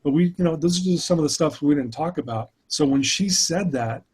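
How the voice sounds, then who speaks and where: A man's voice: on the high side, fairly quick, darkish tone, husky. A man recounting his own struggles in an interview, speaking earnestly and candidly as a speaker and mentor. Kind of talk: personal storytelling in an interview.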